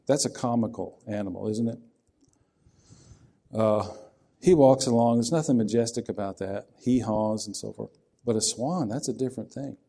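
Male preacher, mellow tone, folksy sermon delivery that asks the listeners questions. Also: on the low side, normal speed, vocal fry.

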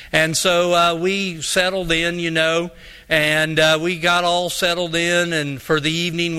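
A man's voice: fairly high pitch, sharp tone, clean tone. A man preaching a sermon, a pastor from Colorado who tells a folksy story and acts out both sides of the dialogue.

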